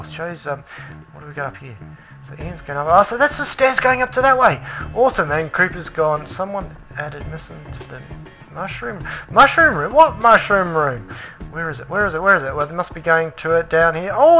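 Male let's play host, crisp forceful tone, eager, ums a lot, casual commentary. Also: sits high. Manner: chatty and excitable, many ums and restarts. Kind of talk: casual game tour commentary.

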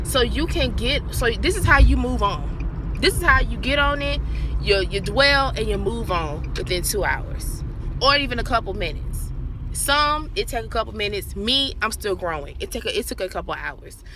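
A young woman, telling a story casually to her viewers in an animated, slangy way. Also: on the high side, fairly quick. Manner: chatty, animated, slangy, talks to viewers directly. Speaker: vlogger. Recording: noisy background, traffic outdoors.

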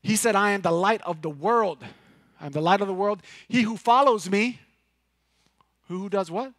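Pastor from Puerto Rico, male, high-pitched, dry close sound, animated loud-to-hushed sermon delivery. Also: normal speed, no echo. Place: church sanctuary.

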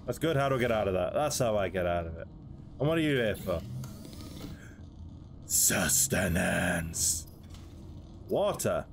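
A young man giving casual game commentary, chatting, laughing and talking to creatures in the game. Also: medium pitch. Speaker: gaming video host.

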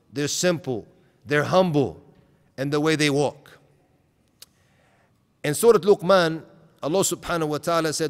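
A man delivering an Islamic lecture with a fairly high-pitched voice, earnest and direct, often asking his listeners rhetorical questions. He weaves Arabic terms into his talk. The sound carries a long reverberant tail from a hall. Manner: mixes in Arabic terms and recited verses. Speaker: preacher.

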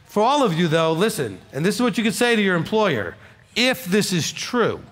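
A man's voice: high voice, sing-song, moderate pace, fairly bright tone. A man teaching a congregation, coaching a listener emphatically and repeating his points for weight. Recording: echoey hall with audience.

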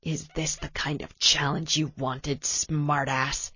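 Menacing hulking male mercenary, put on by a woman narrator: hushed, cold, slow and taunting, in a dull dry audiobook recording. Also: deep voice, flat delivery, husky, no room sound, pitched below the performer's own voice, exaggerated voice.

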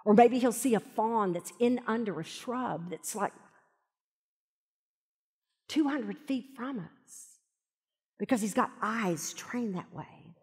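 A husky-voiced woman, teaching to a live audience. She tells stories and sinks to near-whispers to make a point. Her voice rings out in a big hall with long reverb. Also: a little high, animated, slow pace, pauses often. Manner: storytelling, dropping to soft whispers for emphasis. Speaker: Bible teacher. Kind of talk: sermon at a live event. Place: large event hall.

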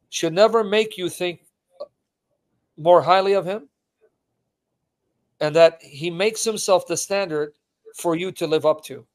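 A fervent man preaching live on a stream, with a voice pitched a little high for a man. He hammers points home by repeating them, and he is close to tears as he speaks. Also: darkish tone. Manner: emphatic, repeats lines for stress. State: emotional, voice catching.

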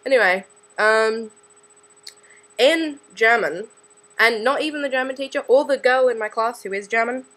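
A woman's voice: a little high, moderate pace, long pauses, a bit bright, poor audio. A young woman in her late teens with an Australian accent, chatting in a scattered, self-deprecating vlog into a camera she holds herself. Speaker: student vlogger. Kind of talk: casual rambling vlog.

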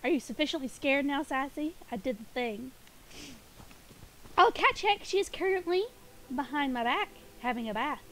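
A high-voiced woman streams a game from home, chatting to viewers in a playful, giggly way. She sounds a little sniffly and groggy. A faint hum sits behind her streaming mic. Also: expressive, a bit bright. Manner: playful and giggly, quick asides. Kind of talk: casual live-stream chat.

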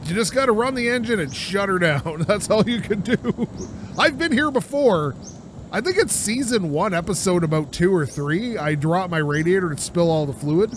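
A young man talks through a driving game in a sore, scratchy voice, rambling and laughing as he goes. His voice sits a bit high and bounces up and down a lot. A loud game engine hums underneath. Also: animated, normal speed. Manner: chatty, rambling, laughs often. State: sore throat. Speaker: gaming channel host. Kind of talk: let's play commentary. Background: car engine and game ambience.

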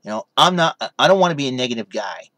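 A man's voice: mid-range voice, animated, fast, pushed and bright, dry recording. A young man casually vlogging from his room in his parents' basement, rambling and saying "you know" constantly. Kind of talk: casual vlog chat.

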